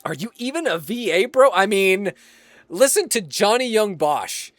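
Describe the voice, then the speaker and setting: A man's voice: high voice, animated, measured pace, a bit bright, no room sound. Laughing, chatty male game streamer. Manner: laughs often, swears casually, chats to viewers. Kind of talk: casual live-stream gameplay chat.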